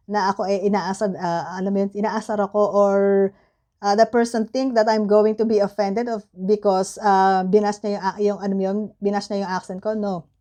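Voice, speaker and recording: This vlogger from the Philippines, a middle-aged woman, speaks with a warm, mid-range voice and a Filipino accent. In a casual, candid chat with viewers, she frequently trails off as she hunts for the right words.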